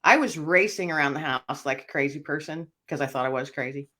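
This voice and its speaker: A woman's voice: deep voice, a little fast. Earnest woman recounting her story. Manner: earnest, reflective storytelling, often dropping quiet. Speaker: author and speaker, interview guest. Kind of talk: personal testimony in an interview.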